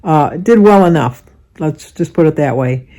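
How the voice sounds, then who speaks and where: A woman in her seventies chatting casually as she films her day, self-deprecating and quick to laugh. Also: low-pitched, animated, dark tone, no room sound. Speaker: vlogger. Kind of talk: casual chat. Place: in a truck and outdoors. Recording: noisy phone video.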